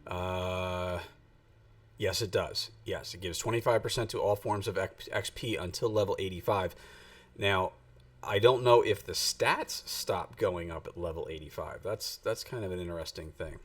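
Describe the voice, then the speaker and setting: A man's voice: deep voice, moderate pace, fairly bright tone, dry recording. A man streaming a game, chatting casually and rambling with lots of fillers as he thinks aloud. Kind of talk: casual live-stream gaming chat. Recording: voice distant from the mic.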